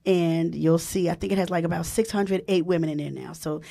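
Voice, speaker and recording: A woman hosting a casual online radio talk show, excitable and quick to laugh and exclaim, greeting listeners in the chat. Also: fairly low pitch, gravelly. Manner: spells words aloud, reads chat comments.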